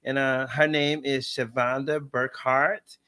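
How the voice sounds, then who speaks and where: Bright, chatty man hosting a video-call interview. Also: mid-range voice, little pitch movement, takes it slowly, clear, resonant tone. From Texas. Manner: chatty, laughing, storytelling. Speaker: host. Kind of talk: casual live interview.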